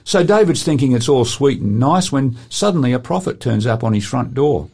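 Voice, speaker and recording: Gravelly man telling Bible stories. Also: mid-range voice, normal speed. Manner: animated storyteller acting out quotes. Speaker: presenter. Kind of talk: storytelling Bible talk.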